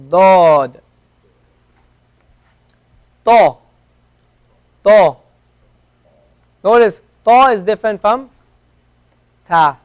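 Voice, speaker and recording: A man teaching an Arabic class, patiently drilling each letter sound again and again for his learners in a classroom. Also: high voice. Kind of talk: classroom lesson.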